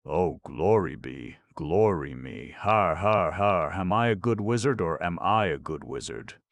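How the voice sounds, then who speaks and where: A man voicing a little red male djinn wizard, jolly, excitable and fussy in his exclamations. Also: deep voice, normal speed, no echo, voice pushed up.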